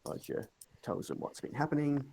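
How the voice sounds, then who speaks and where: A man narrating a tabletop game as game master, in a relaxed, hedging way full of "sort of". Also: fairly high pitch, moderate pace, vocal fry, a little hiss or hum.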